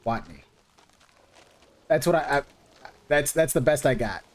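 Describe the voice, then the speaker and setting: A man's voice: fairly high pitch, moderate pace. A man streaming a video game, chatting casually with viewers and thinking aloud as he plays. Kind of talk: casual gaming commentary.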